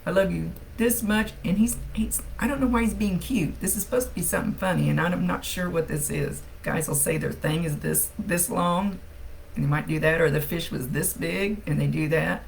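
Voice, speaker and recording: A woman psychic medium gives a casual live-streamed reading, chatty and blunt, and swears without a second thought. Her voice has a gravelly, fried edge, and it sits over a faint background hiss. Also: fairly low pitch, moderate pace, rough recording. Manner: chatty, thinks aloud.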